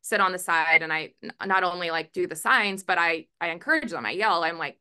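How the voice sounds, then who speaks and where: A woman softball head coach answering reporters at a press conference, chatty, with many fillers and restarts. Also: fairly low pitch, fast talker, hardly any pauses, clean tone. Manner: calls herself a verbal, loud coach. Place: press room.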